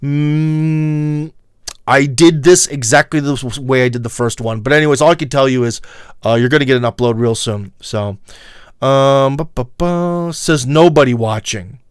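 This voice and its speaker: Livestream host: Midwestern American man, rambling and emphatic, smooth dry voice, close to the mic. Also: medium pitch, normal speed, no room sound. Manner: rambling, many fillers, emphatic asides to viewers. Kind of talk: casual livestream monologue.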